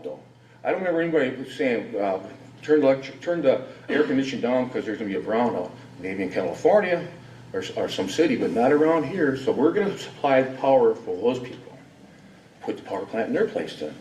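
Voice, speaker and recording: A man's voice: mid-range voice, warm tone, a little hiss or hum. A man from Wisconsin giving a rambling, indignant public comment full of rhetorical questions at a hearing. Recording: echoey hall from far off.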